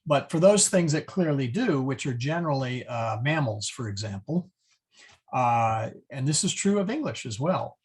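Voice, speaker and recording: A man teaching a Latin class in a halting lecture, with many fillers and self-corrections. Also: mid-range voice, expressive, husky.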